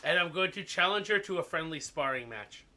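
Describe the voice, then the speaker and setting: A man's voice: high voice, lively intonation, fairly quick, bright, forceful tone. A man playing a tabletop game, talking eagerly and casually. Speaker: player. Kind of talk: casual chat.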